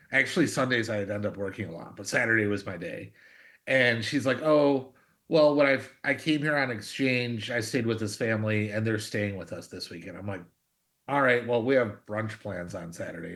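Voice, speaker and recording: A man on a podcast as a guest, chatting casually with halting starts and some swearing. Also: on the low side, a bit bright. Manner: laid-back, halting starts, profane. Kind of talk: casual chat.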